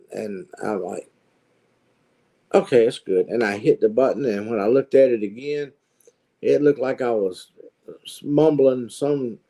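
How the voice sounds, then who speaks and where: Slow, mellow-voiced man. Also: medium pitch. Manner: drawling storyteller, folksy grammar. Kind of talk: casual chat.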